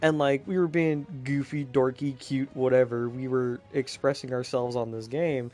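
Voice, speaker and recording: A man's voice: mid-range voice, steady tone, moderate pace, dark tone. A young man telling a story in casual chat, swearing a lot and laughing often between lines.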